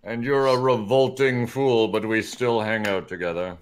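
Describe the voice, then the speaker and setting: A man's voice: on the low side, fairly even intonation, normal speed, slight background noise, close to an everyday voice. A man voicing a wary, blunt male dwarf paladin in a tabletop game. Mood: mocking.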